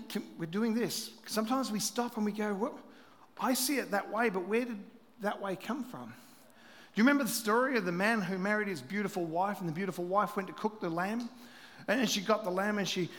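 A middle-aged pastor delivers a sermon in a raised, high-pitched voice, telling stories with lively swings between loud passages and hushed asides. His voice rings out with a long reverb tail, as if from a large church hall.

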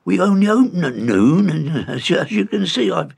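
A man voicing a huge, suspicious innkeeper who booms and roars in a storybook reading. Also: sing-song, normal speed, creaky, darkish tone, breathy edge, exaggerated voice. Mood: gruff. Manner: booming, roaring. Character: enormous angry innkeeper man, booming and suspicious.

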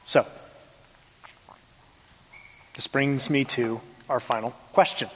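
A man preaching a sermon as pastor, emphatic, with rhetorical questions and big shifts between loud and soft. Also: medium pitch, fairly even intonation, slow pace, pauses often, breathy edge. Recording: long reverb of a large hall.

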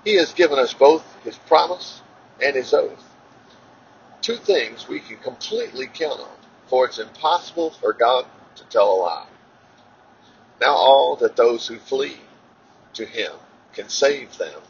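A man reading scripture aloud in a halting way, with fillers and self-corrections. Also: mid-range voice, animated, gravelly, breathy edge. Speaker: Bible reader. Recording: dull lo-fi recording.

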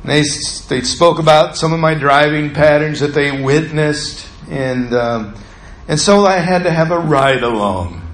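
A man preaching a sermon, telling a personal story with animated swings from hushed to loud. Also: a little high, measured pace, echoey room, rough recording. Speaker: lay preacher.

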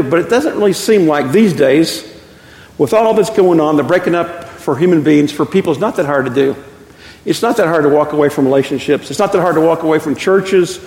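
This pastor, a Texan in his fifties, speaks at a moderate pace in a slightly high, darkish voice. He preaches and tells stories in a church sanctuary, chuckling at his own jokes, with the hall's long reverb audible.

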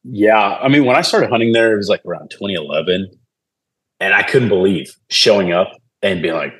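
Pitched fairly low and talking briskly, this man is a guest on a podcast, swapping stories in a relaxed chat. He gets animated and performs the voices of the people he quotes.

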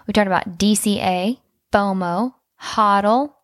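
A woman co-hosting a casual podcast, talking in an emphatic, opinionated way with a teasing edge. Her voice sits at an ordinary pitch and is recorded close and dry, with little room sound. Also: takes it slowly, no echo. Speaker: podcast co-host.

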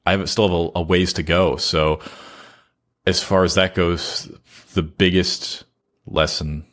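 A man being interviewed on a podcast, earnestly explaining his advice with deliberate pauses. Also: deep voice. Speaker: podcast guest giving advice on content creation. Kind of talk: casual interview chat.

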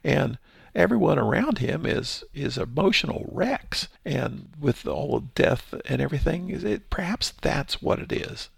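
A man reading Bible verses aloud and explaining them in a relaxed, thinking-aloud teaching style. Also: on the high side, a little slow, vocal fry, breathy edge, no echo, studio quality. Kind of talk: Bible study commentary.

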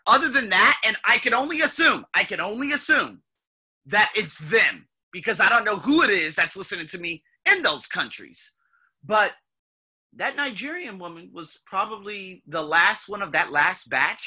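Podcast guy, really bright and kinda husky, swings his pitch all over, cusses a lot. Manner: animated, profane, rambling with restarts. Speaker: ESL podcast host. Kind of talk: casual storytelling monologue.

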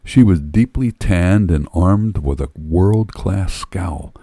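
A man's voice: low-pitched, takes it slowly, dark tone, no room sound. A man reading a story aloud in a wry, first-person storytelling manner. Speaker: narrator.

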